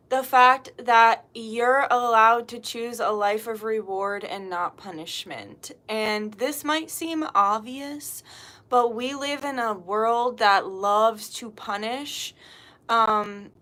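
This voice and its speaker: A woman hosts a spiritual live stream in a bright, sharp-edged voice. She speaks informally, reads viewers' names aloud and drops plenty of "um"s, and her prayers come out soft and hushed. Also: fairly high pitch, slow pace. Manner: greets chat viewers, laughs easily, fills with um. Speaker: spiritual reader and livestream host. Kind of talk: casual live-stream chat with opening prayer.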